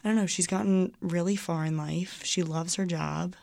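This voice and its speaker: A woman's voice: on the low side, steady tone, moderate pace, vocal fry, darkish tone, no room sound, clean studio sound. Young woman guest, lots of "like". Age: young adult. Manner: rambling, heavy use of "like". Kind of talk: casual podcast chat.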